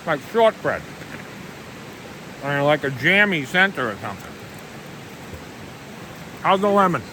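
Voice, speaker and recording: A man's voice: fairly high pitch, big pitch swings. A man chatting casually on camera while gold prospecting outdoors by a river, easygoing and talkative. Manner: chatty, easygoing, talks while eating and working. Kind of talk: casual outdoor vlog narration. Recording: loud river noise outdoors. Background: rushing river water.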